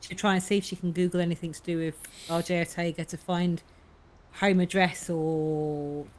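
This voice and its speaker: A woman's voice: fairly low pitch, level tone, normal speed, a little mellow, a little hiss or hum. A woman playing a tabletop game, hesitant and full of fillers, narrating her character's actions. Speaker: player.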